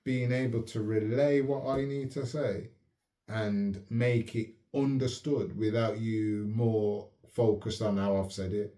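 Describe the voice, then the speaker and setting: A man hosting his own channel, talking in a calm, measured, reflective way and often asking if the listener follows. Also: on the low side. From United Kingdom. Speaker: channel host. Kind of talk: reflective casual talk to camera. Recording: roomy echo.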